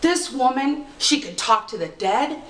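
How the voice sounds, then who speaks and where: Expressive woman telling a folk tale. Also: sits high. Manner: expressive, dramatic pacing with slowed emphasis. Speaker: storyteller. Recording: roomy, distant mic.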